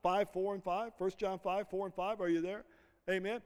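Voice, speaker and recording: A man's voice: sits high, flat delivery, normal speed, darkish tone, clean tone. A middle-aged male pastor preaching a sermon, drawing call-and-response answers from the congregation. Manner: call-and-response, prompting the congregation to finish lines. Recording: long reverb of a large hall.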